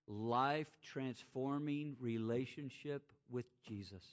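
A man preaching a sermon, swinging from loud, rising exclamations to quiet, hushed emphasis. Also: medium pitch, slow pace. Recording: muffled lo-fi sound.

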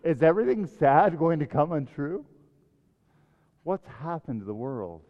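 A man's voice: a little high, sing-song, measured pace, pitched above the performer's own voice. A man voicing a bewildered, overjoyed young hobbit, his lines breathless and rising with wonder, heard in an echoey hall with a dull sound. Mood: astonished.

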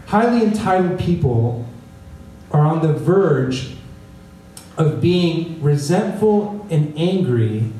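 His voice is a little high with a dark tone as he delivers a conversational sermon, frequently asking his listeners "right?" The recording is echoey and distant, with a bit of hiss or hum.

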